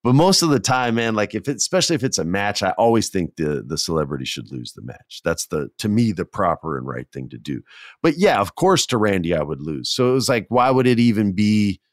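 A man telling a casual anecdote as a guest, animated, acting out what people said and laughing often. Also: lowish voice, brisk, no room sound, clean studio sound.

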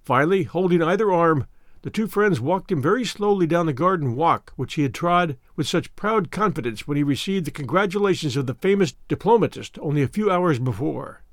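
Lively man narrating a classic story. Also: fairly high pitch, brisk, no echo, studio quality. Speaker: audiobook narrator.

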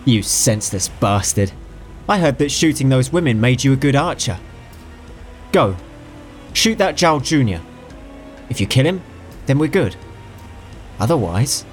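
A man voicing a scheming young prince in an audiobook, quick, mocking and commanding. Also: mid-range voice, big pitch swings, faint music behind, voice pushed up. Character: scheming young male prince, cocky and cruel. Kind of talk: audiobook character voice.

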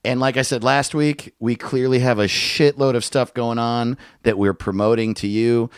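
A man's voice: mid-range voice, fairly even intonation, normal speed, smooth, no echo, clean studio sound. A man co-hosting a comedy podcast, chatting casually with a joking, profane manner and frequent laughs. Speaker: podcast co-host.

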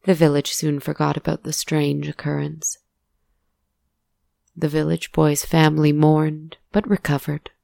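A woman narrating a story in a soft, deliberate way. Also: low voice, monotone, vocal fry, dry recording, studio quality.

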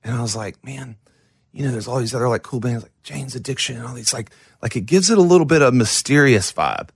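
A man's voice: medium pitch, lively intonation, fast talker, creaky, husky. Rambling self-deprecating male guest. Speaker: musician guest. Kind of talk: casual interview storytelling.

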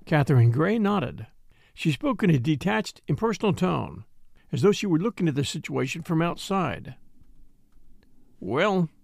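Gravelly male audiobook narrator. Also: fairly high pitch, very animated, a little mellow, no echo, studio quality. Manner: measured storytelling, voicing every figure. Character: middle-aged country doctor, dry and wry. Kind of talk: audiobook reading.

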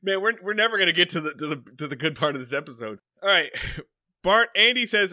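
Bright guy on a podcast, riffing and swearing, voice jumps all over. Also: high voice, dry recording, studio quality. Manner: animated, profane, retells scenes in quick mock voices. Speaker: podcast co-host. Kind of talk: casual comedic chat.

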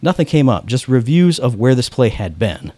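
Speaking at a normal speed, a man with a mid-range, dark voice swings widely in pitch, and there's no room sound. As a podcast host he chats casually and eagerly, dropping "like" all the time and acting out dialogue from his anecdotes.

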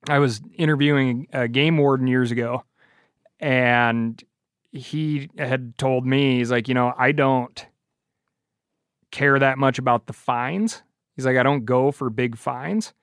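Animated man retelling an interview. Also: medium pitch, measured pace, clean tone, no room sound, studio quality. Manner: animated storyteller, quotes others. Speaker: podcast guest. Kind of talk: casual chat.

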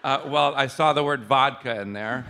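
A man's voice: mid-range voice, moderate pace, pushed and bright, slight background noise. A man hosting a casual interview, telling stories animatedly, laughing often and swearing. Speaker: podcast host.

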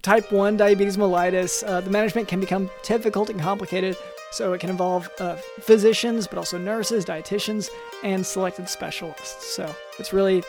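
A man's voice: sits high, fairly even intonation, fairly quick, darkish tone, faint music behind. A man hosting a comedy podcast, reading medical facts in a matter-of-fact way between jokes. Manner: reads medical text, then jokes around. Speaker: host posing as a doctor.

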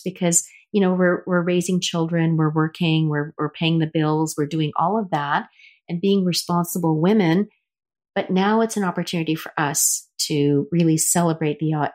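A woman's voice: deep voice, darkish tone. A middle-aged woman hosting a casual interview, telling stories in a chatty way with many restarts. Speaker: host.

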